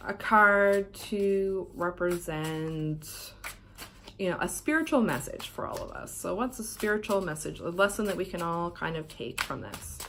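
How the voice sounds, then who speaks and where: A woman's voice: fairly low pitch, expressive, measured pace, a little hiss or hum. Chatty Canadian woman unboxing tarot. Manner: chatty, swears casually, drifts into soft asides. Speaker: tarot vlogger. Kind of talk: casual unboxing chat. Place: hotel room while travelling.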